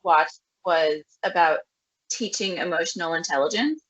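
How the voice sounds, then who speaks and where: A woman's voice: fairly low pitch, moderate pace, lo-fi sound. A woman co-hosting a podcast, rambling in casual chat with lots of filler words. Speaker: podcast co-host.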